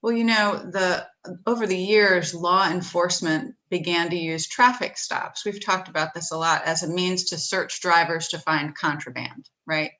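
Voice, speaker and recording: A woman hosting an interview, asking measured, direct questions. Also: on the low side, bright, forceful tone, rough recording. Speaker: interview host.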